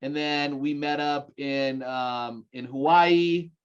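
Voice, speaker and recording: A man in his forties with a Utah accent, giving an energetic seminar talk and rallying his listeners with questions. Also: a little high, slow, clear, resonant tone, dull audio. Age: 40s. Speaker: guest speaker. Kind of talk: live seminar presentation.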